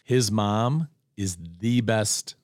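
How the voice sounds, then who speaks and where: A man's voice: on the low side, drawn-out words, a little mellow, clean tone, dry recording, studio quality. A man co-hosting a podcast, chatting casually and rambling through stories, correcting himself as he goes. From Detroit area, USA. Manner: rambling, self-correcting storyteller. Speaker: podcast co-host. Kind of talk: casual chat.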